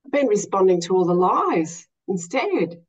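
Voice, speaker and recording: A woman's voice: mid-range voice, big pitch swings, a little slow, breathy edge. A woman speaking emotionally and openly in a casual group discussion, swearing now and then. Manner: emotional, swears, laughs often. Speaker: study group member. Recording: dull lo-fi sound.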